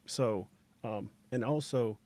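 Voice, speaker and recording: A man's voice: medium pitch, slow pace, darkish tone, no echo. A man in casual chat, thoughtfully explaining a point about acting.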